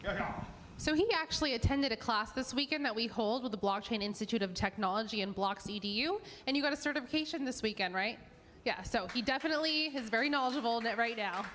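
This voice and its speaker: An upbeat woman hosts a live meetup, talking in a chatty way to the crowd. Her voice sits a bit high, and the long reverb of a hall trails each phrase. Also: expressive, quick pace, fairly bright tone, a little hiss or hum. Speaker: event host. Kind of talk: live event hosting. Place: event space with an audience.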